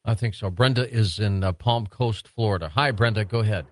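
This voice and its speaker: A man hosting a late-night call-in radio show, introducing callers and guests with brief, low-key remarks. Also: fairly quick. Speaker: radio host. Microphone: studio microphone.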